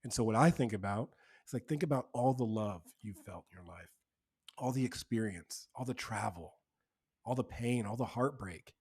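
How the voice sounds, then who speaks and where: A man's voice: fairly low pitch, moderate pace, darkish tone, husky. Earnest man, reflective podcast guest. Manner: earnest and reflective, loose with fillers. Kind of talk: casual podcast conversation.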